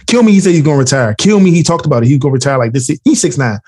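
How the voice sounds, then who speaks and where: A man co-hosting a podcast in casual chat, talking fast and loose with lots of slang and playful trash talk. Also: mid-range voice, animated, darkish tone. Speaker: podcast co-host.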